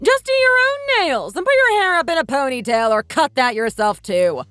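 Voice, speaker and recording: A woman's voice: high-pitched, sing-song, normal speed, fairly bright tone, no echo, soft background music. A woman voicing a domineering mother-in-law in her sixties who scolds with contempt in a texting-story drama. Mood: scornful. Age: 60s.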